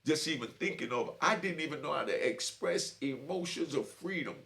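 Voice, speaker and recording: A man's voice: a little high, animated, normal speed, gravelly, a bit bright. A middle-aged man telling his own story to camera in a streetwise way, often asking "you know what I mean". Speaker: host.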